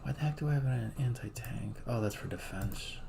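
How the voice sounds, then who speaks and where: A man's voice: medium pitch, a little fast, creaky, background noise. A man giving casual commentary while playing a strategy game, thinking aloud and muttering to himself.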